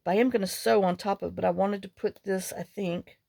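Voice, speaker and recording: A woman's voice: mid-range voice, steady tone, quick pace, creaky, warm tone, dry recording, clean studio sound. A woman vlogger chatting casually while making a journal, rambling through stories and muttering to herself as she works. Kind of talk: casual chat while crafting.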